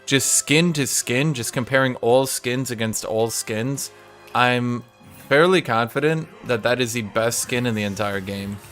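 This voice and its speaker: A man in a middle register talks loosely while he plays, working things out out loud. He keeps turning to his chat with quick questions, and soft game music hums behind him. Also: medium pitch. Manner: thinks aloud, asks chat questions. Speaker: game streamer. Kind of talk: casual live-stream chat while playing.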